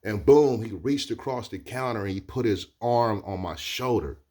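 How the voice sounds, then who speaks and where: Man, lowish voice, casual storytelling, conversational, keeps checking in with the listener. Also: normal speed, a little mellow. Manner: loose and conversational, keeps asking "you know what I'm saying". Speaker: vlogger.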